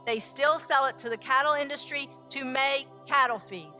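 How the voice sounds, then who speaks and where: A woman who is a food scientist, teaching with lively stories and rhetorical questions. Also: sits high, normal speed, faint music behind. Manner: animated, acts out quotes, asks rhetorical questions. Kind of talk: teaching talk with storytelling.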